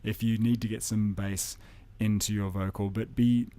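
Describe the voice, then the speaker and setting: A man teaching microphone technique in a relaxed, explanatory way, speaking into a studio condenser mic in a home studio and moving around it as he talks. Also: fairly low pitch, normal speed. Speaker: audio engineer demonstrating microphones. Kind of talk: spoken tutorial with live mic demonstrations. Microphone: studio condenser mic at close range.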